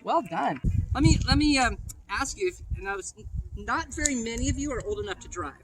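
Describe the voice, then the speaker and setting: A man's voice: very high-pitched, expressive, brisk. A man leading a playful children's message as pastor, asking the kids questions in church. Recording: noisy live room recording.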